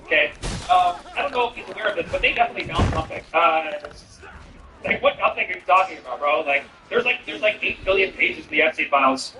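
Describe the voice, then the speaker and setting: A man's voice: a little high, quick pace, recorded from a distance, noisy background. A man streaming a game and riffing sarcastically in rambling, filler-heavy talk. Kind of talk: comedic commentary while gaming. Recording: roomy, off-mic, music behind. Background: music.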